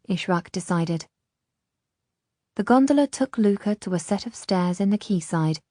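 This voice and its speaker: A woman narrating an audiobook in a measured, unhurried reading, voicing the characters' dialogue. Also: on the low side, dark tone, dry recording, clean studio sound.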